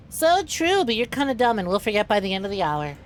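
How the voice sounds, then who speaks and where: With a mid-range voice and slight background noise, this young woman VTuber chats casually while gaming. She's playful and laughs frequently, addressing her chat as "y'all."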